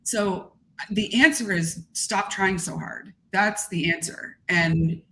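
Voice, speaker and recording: Woman, gregarious, animated, casual podcast chat. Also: lowish voice, slow, a little hiss or hum. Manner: gregarious, animated, expressive talker. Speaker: guest content creator.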